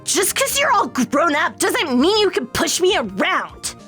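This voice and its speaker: A woman's voice: very high voice, measured pace, faint music behind, pitched above the performer's own voice, full character voice. A woman voicing a cocky young schoolboy witness in a fan dub of a courtroom game. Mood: cheeky. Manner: brash, excitable.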